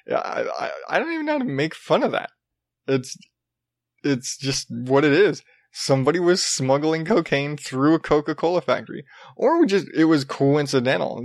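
A man's voice: mid-range voice, vocal fry, no echo, clean studio sound. Rambling, profane male podcast host. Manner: rambling, profane, self-interrupting with frequent restarts. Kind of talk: casual solo podcast monologue.

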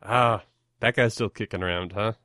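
A man's voice: fairly low pitch, moderate pace, bright, forceful tone, dry recording, clean studio sound. A young man hosting a podcast in casual, self-deprecating chat, rambling and often laughing. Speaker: podcast host.

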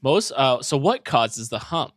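Animated young man, dry close mic. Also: mid-range voice, a little slow, no echo. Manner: joking, swearing, reads facts aloud then riffs. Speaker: podcast co-host reading about the topic. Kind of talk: casual comedic podcast banter.

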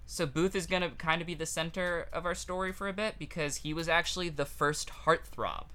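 Bright-voiced man telling history jokingly. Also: a little high, fairly even intonation, fairly quick, clean tone. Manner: jokey, loose, laughs at his own lines. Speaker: podcast co-host. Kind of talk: casual history storytelling.

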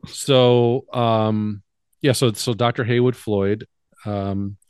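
A man's voice: lowish voice, steady tone, slow pace, darkish tone, smooth, no echo. Middle-aged male co-host, rambling and chatty, dry booth sound. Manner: rambling, chatty, drifts off mid-thought. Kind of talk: casual chat about a film.

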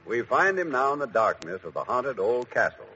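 A man's voice: mid-range voice, very animated, moderate pace, bright, forceful tone. A man narrating a children's story in 1940s radio style. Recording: dull old radio broadcast with music.

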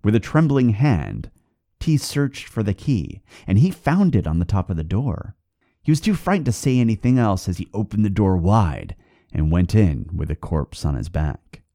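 A man hosting a podcast, reading a folk tale aloud with expressive storytelling. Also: fairly low pitch, moderate pace, creaky, no room sound, clean studio sound.

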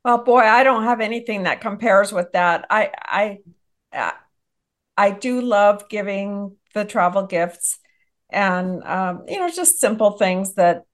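A woman's voice: medium pitch, measured pace. Hesitant woman in casual chat. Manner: hesitant, many restarts. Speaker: guest in a conversation.

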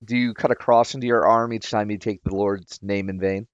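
A man cohosts a podcast and teases the others with quick quips. His voice is on the low side, and the recording is close and dry. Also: steady tone, no echo, highs cut off. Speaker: podcast co-host. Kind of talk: casual chat.

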